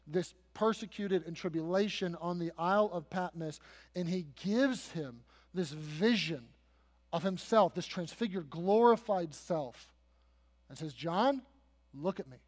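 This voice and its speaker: High-voiced pastor preaching in a reverberant hall. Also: male voice, measured pace. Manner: dramatic storytelling, dips soft then builds to loud emphasis. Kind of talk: sermon. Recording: long reverb of a large hall.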